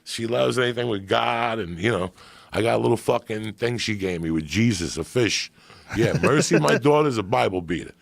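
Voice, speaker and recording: A man on a podcast, telling a story in a profane, animated way that swings from hushed and low to loud and excited. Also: normal speed, creaky, no echo. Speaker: podcast guest.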